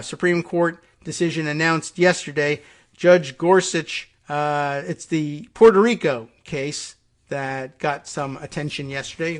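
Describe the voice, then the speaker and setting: A man with a higher-than-usual voice hosts a political podcast. He talks through the news in a sarcastic, mocking monologue, slipping into put-on voices of the people he criticizes. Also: fairly bright tone. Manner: sarcastic, mocks opponents with put-on quotes. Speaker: podcast host.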